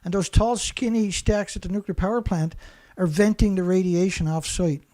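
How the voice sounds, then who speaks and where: With a high, steady voice that's a little mellow, the show host speaks at a moderate pace. Still, his monologue is an angry, repetitive tirade of insults.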